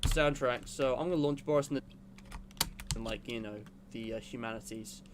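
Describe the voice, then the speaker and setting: There's slight background noise as a young man with a medium-pitched voice talks at a moderate pace. While streaming a game, he chats casually with his viewers, rambling and cracking jokes.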